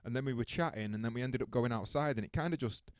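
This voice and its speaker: A man hosting a podcast, telling stories in a rambling, animated way with many restarts. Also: medium pitch, quick pace, no room sound, studio quality. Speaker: podcast host. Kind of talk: casual interview chat.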